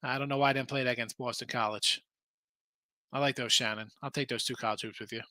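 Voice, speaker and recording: A man's voice: mid-range voice, steady tone, fast talker, bright, forceful tone, no room sound. A man hosting a casual sports betting show, arguing picks animatedly and reading chat comments aloud.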